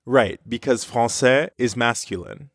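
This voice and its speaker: A man co-hosting a scripted language lesson, explaining clearly. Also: medium pitch, unhurried, fairly bright tone, no echo, clean studio sound. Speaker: French teacher.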